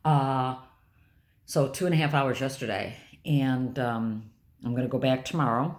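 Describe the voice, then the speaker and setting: A woman's voice: very deep voice, unhurried. An older woman talking candidly and bluntly in a rambling personal vlog. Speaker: vlogger.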